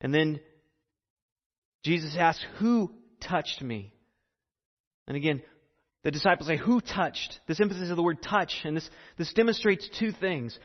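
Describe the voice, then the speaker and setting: A man preaching a sermon earnestly, repeating phrases and pausing for effect. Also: a little high, steady tone, in a large hall, lo-fi sound. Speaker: pastor.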